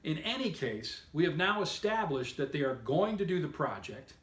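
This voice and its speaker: A man's voice: fairly high pitch, very animated, moderate pace, a bit bright, roomy sound. A man giving an upbeat, emphatic sales training lesson, coaching listeners on method. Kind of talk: instructional talk to camera.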